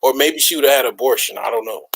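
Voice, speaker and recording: A man's voice: mid-range voice, rapid-fire, creaky, a bit bright, slight background noise, rough recording. A young man hosting a casual chat, laid-back and slangy with many fillers. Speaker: host.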